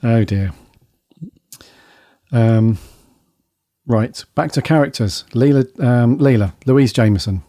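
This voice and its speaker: Male podcast co-host, mellow voice, dry jokey asides, close dry sound. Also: mid-range voice, unhurried, no room sound. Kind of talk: casual review chat.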